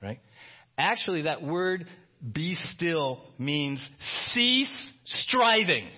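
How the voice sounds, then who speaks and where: A man preaching a conversational sermon, animated and often asking his listeners "right?". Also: sits high, dull audio. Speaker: pastor.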